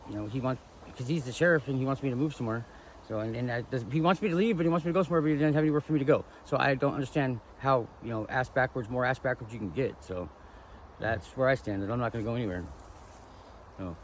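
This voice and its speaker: A man being interviewed outdoors, talking in a halting, defiant way with many restarts and repeated words. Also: medium pitch, poor audio. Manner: indignant and defiant. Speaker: homeless camper being interviewed. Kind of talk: casual street interview. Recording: loud traffic noise outdoors.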